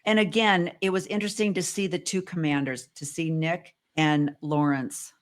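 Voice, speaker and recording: Female host, lively and exclamatory, slightly low voice, casual conversation. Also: moderate pace. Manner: animated, exclamatory. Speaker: podcast host. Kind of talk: casual chat.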